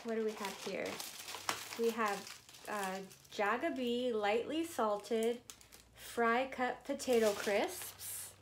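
A woman in her fifties chats slowly and gushes over gifts, laughing often in a slightly high voice. Her talk is drawn out and casual. The home recording has clear noise behind her. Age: 50s. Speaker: vlogger. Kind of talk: casual unboxing chat.

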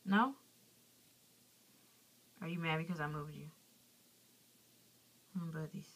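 A young woman vlogging casually at home, exclaiming in disgust and then talking softly to her pet lizard. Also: sits low, slow pace.

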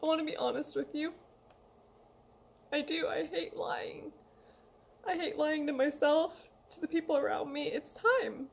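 A woman's voice: high-pitched, measured pace, creaky, long pauses. A young woman making an emotional, hesitant personal confession to her family and friends, reading from a letter she wrote. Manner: emotional, hesitant, pleading, reads a letter aloud. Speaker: vlogger.

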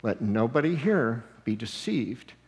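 A man preaching a sermon as pastor, animated and conversational, often slipping into quoted voices and chuckling. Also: medium pitch, a little slow, in a large hall. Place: church sanctuary.

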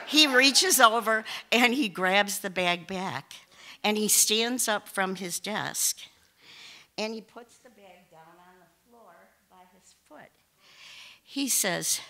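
A woman telling a personal story to a live audience, animated, often laughing and exclaiming. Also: mid-range voice, slow pace.

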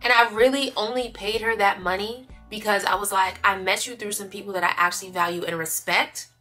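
A young woman tells a casual storytime to camera, venting in an animated, emphatic, slang-heavy way. Her voice is bright and forceful, sitting at a middle pitch, with faint music playing underneath. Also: brisk. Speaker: vlogger.

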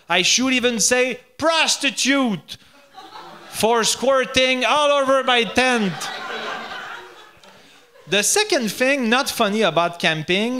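A man with a Quebec French accent, a native French speaker, reading a comedy bit aloud in English, halting and repeating words and often laughing at his own jokes. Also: very high voice, bright, forceful tone.

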